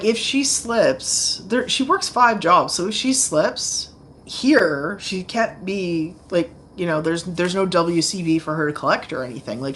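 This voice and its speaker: Chatty woman, low voice. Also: a bit bright, slight background noise. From Canada. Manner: rambling, chatty, lots of fillers. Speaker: channel host. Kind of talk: casual chat livestream. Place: home, indoors.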